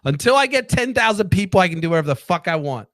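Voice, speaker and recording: A man's voice: high voice, big pitch swings, fast, fairly bright tone, no echo. A man hosting his own political commentary show, ranting casually in a profane, rambling and sarcastic way. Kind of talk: casual solo rant to camera.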